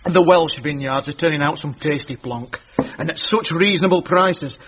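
A man's voice: on the high side, moderate pace, fairly bright tone, a little hiss or hum, natural voice. A man voicing a fussy, creepy middle-aged man, talking in a prim, pompous way. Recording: dull lo-fi sound.

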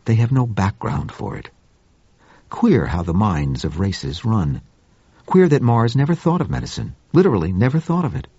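A man voicing a gentle, furry male Martian with a soft, sibilant, formal way of speaking, in an audiobook reading. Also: lowish voice, husky, dry recording, muffled recording, heavily acted. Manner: measured, formal speech.

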